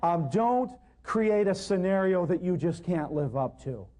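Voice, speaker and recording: A man with a high but mellow voice gives a live seminar talk on natural healing. He is animated and joking, slipping into little acted dialogues with his patients. He drives his points home by repeating them. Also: unhurried. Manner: emphatic, repeats points for effect.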